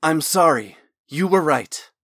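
A haunted rich young man torn by an inner voice, pleading and intense. A man acts him out with a raised, loud voice. The reading sounds dry and close. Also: a little high, lively intonation, slow pace, no echo, voice pushed up, heavily acted. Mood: earnest confession. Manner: impassioned, earnest.

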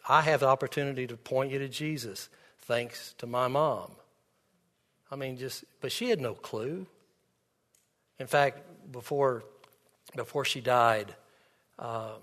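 A man's voice: medium pitch, a bit bright. A man preaching a sermon as pastor, earnest and storytelling, speaking in a church sanctuary. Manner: earnest, storytelling with quoted dialogue. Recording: long hall reverb.

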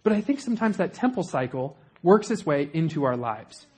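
A man's voice: fairly high pitch, very animated, fairly quick, a little mellow, breathy edge. A young man preaching a sermon in a conversational way, with joking asides to the congregation.

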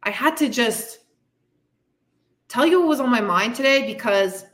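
A woman with a high voice delivers a candid motivational monologue as a fitness coach, blunt and full of swearing. Her tone is bright and sharp, and she sounds frustrated as she vents. She talks straight to her listeners with tough love. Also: lively intonation, a little slow. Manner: frustrated, venting. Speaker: fitness coach and podcast host.

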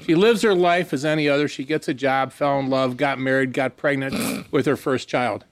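Man delivering deadpan jokes, dry sound. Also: mid-range voice, normal speed, dry recording. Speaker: joke teller on a podcast. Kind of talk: telling jokes in casual chat.

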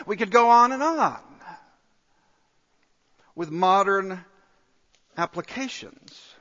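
A man preaching a sermon as a pastor, emphatic, with repeated phrases and pauses. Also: high-pitched, sing-song, fairly bright tone, long reverb tail, highs cut off.

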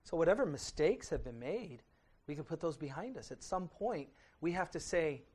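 A middle-aged man preaching a midweek sermon and reading scripture aloud, conversational, often asking his congregation "right?", swinging between loud emphasis and quiet intensity. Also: fairly high pitch, very animated, moderate pace, husky. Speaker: pastor.

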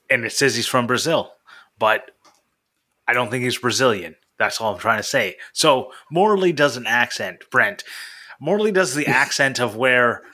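A man's voice: medium pitch, bright, forceful tone. A man co-hosting a podcast, rambling and teasing in a dry way. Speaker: podcast co-host. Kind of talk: casual podcast chat.

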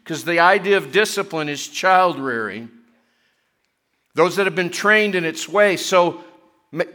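A middle-aged man preaching a sermon, chatty with joking asides, growing louder and higher when he reads and presses scripture. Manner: chatty, self-deprecating asides between scripture readings; rising in pitch and force when reading and pressing scripture. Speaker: pastor.

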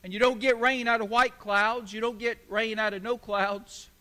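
High, bright-voiced preaching man. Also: steady tone, normal speed, long reverb tail. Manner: emphatic preaching with repeated parallel phrases. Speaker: pastor. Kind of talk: sermon.

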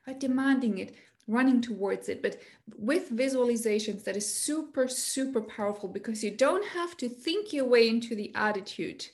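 A woman with a fairly high voice, speaking as an anxiety coach on a podcast. She shares personal stories with lively energy, in a casual conversational tone. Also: moderate pace.

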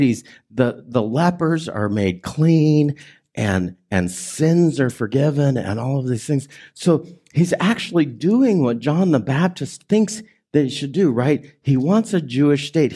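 Mellow-voiced pastor preaching a sermon. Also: male voice, medium pitch. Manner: emphatic, swings between loud and hushed delivery; conversational preaching with audience prompts.

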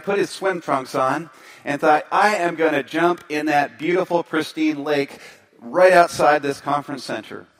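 Animated storytelling male pastor. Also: fairly high pitch. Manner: storytelling, animated, then softer in prayer. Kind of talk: sermon.

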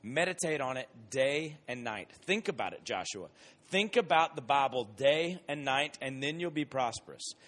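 A man gives a casual, conversational Bible lesson, moving between lively everyday examples and slow, emphatic repetition. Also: mid-range voice. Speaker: Bible teacher. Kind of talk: casual sermon.

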